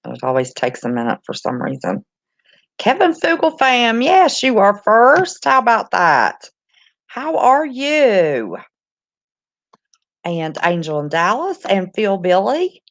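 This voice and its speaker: A woman's voice: medium pitch, huge pitch swings, unhurried, fairly bright tone. A woman, chatting casually on her livestream, greeting viewers by name and calling them honey. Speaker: livestream host. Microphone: no headphones, device mic.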